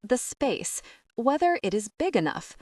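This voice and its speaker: A woman voicing a pompous, rich foreign-accented man who speaks slowly and heavily. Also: a little high, sing-song, mellow, dry recording, pitched above the performer's own voice.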